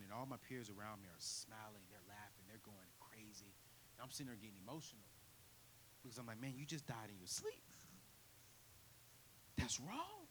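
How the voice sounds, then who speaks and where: A man preaching a storytelling sermon, acting out the voices of the people in his story and building to loud, fervent preaching. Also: mid-range voice, a little hiss or hum.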